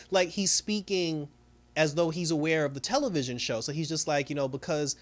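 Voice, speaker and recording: A man's voice: on the high side, moderate pace, fairly bright tone. A man giving a casual recap of a TV episode, rambling along with many fillers. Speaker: TV show reviewer.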